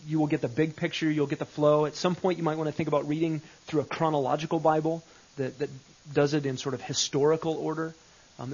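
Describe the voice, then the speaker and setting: A man teaches a Bible study in a loose, conversational way, leaning on repeated phrases to make his point. His voice sits a little high and has a breathy, husky edge. The recording sounds muffled and lo-fi. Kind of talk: live teaching session. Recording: dull lo-fi recording.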